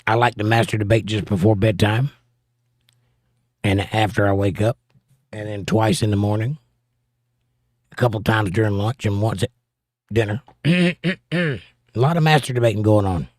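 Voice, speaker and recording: A man's voice: lowish voice, normal speed, pauses often, no echo, studio quality. A middle-aged American man hosting a casual livestream, reading viewer comments aloud with playful, combative banter. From United States. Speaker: livestream host.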